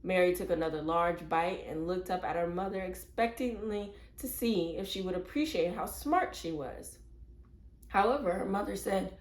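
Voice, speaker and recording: A woman's voice: lowish voice, normal speed. Woman reading a storybook aloud, echoey. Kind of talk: reading a children's chapter book aloud.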